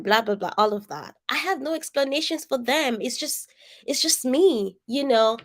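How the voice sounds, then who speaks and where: A woman's voice: on the high side, moderate pace. A Nigerian woman with a distinctive, somewhat nasal voice and an accent, coaching a group over a video call in an earnest, emphatic way, speaking straight to her listeners. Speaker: coach leading an online session. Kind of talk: interactive coaching talk.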